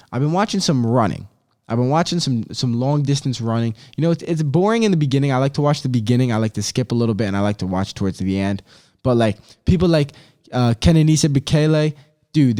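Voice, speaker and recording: A man's voice: mid-range voice, a little mellow. Slangy, rambling young man podcasting. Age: 20s. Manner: slangy, loose and rambling, heavy on "bro" and "dude"; swears freely. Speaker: podcast host. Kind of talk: casual podcast chat.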